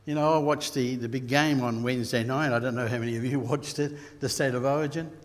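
An Australian man preaching a sermon, telling stories and rising to loud bursts. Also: mid-range voice, fairly even intonation, fairly quick. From Queensland, Australia. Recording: long hall reverb.

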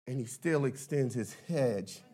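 A man in his fifties preaching a sermon, building to emphatic shouted bursts and dropping into playful asides. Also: medium pitch, measured pace, husky. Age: 50s. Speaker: pastor.

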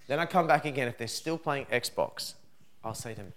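Animated man giving a parenting seminar. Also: medium pitch, moderate pace, a little hiss or hum. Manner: animated, acts out parent and child lines. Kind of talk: seminar talk with acted examples. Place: room with a live audience.

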